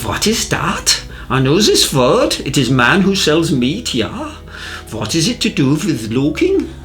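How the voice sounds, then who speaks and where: A man's voice: fairly high pitch, wildly swooping pitch, fairly bright tone, soft background music, voice pushed up, full character voice. A man putting on a puzzled young German student. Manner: halting, questioning, literal-minded.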